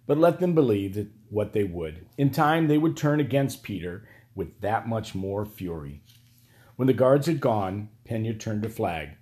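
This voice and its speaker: A man narrating an audiobook in a steady, even storytelling manner. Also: fairly low pitch, unhurried.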